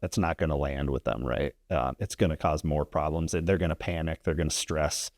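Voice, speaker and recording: A man's voice: extremely low pitch, fairly even intonation, brisk, few pauses, darkish tone, no room sound, clean studio sound. A man, a landlord and investor guest, telling a story in casual podcast chat, rambling and tagging sentences with "right?".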